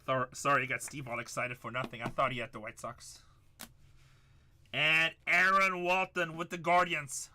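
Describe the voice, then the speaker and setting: A man's voice: a little high, flat delivery, moderate pace, a little hiss or hum. A middle-aged man hosting a live card break, hyping up the chat and repeating his calls. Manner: hyped, shouts up to the chat, repeats lines.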